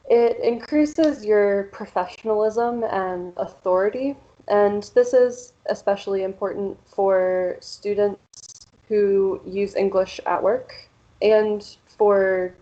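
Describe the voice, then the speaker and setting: Woman w/ a central pennsylvania accent teaching pronunciation, talks slow, lots of ums, kinda muffled recording. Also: medium pitch, dark tone. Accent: Central Pennsylvania American. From Central Pennsylvania, USA. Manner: explanatory, measured, with frequent "um" and "so", light laughs. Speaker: workshop presenter. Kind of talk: pronunciation workshop talk.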